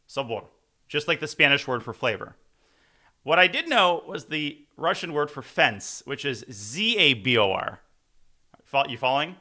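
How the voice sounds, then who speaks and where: Bright-voiced playful male chess commentator. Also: mid-range voice, very animated. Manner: playful, rambling, quick jokes. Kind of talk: casual live commentary.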